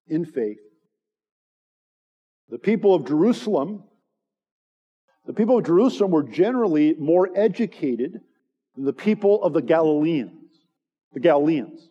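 A man's voice: high-pitched, very animated, normal speed, darkish tone. A man preaching an earnest sermon, pressing each point with emphatic repetition. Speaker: pastor. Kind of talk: expository sermon. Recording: long hall reverb, dull lo-fi sound.

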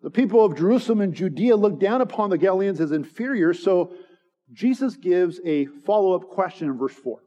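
A man's voice: high voice, expressive, fairly quick, mellow. A man preaching an earnest sermon, pressing each point with emphatic repetition. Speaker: pastor. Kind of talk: expository sermon. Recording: long hall reverb, dull lo-fi sound.

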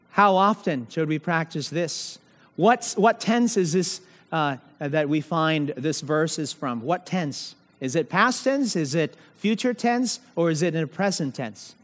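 A man preaching a sermon, asking rhetorical questions and stressing key words with slow, emphatic phrasing. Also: high-pitched, long reverb tail.

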